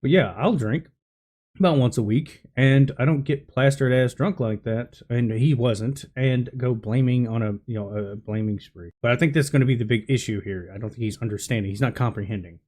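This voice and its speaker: A man's voice: mid-range voice, a little fast, darkish tone. A man giving casual reaction commentary on a clip, blunt and scornful, swearing freely.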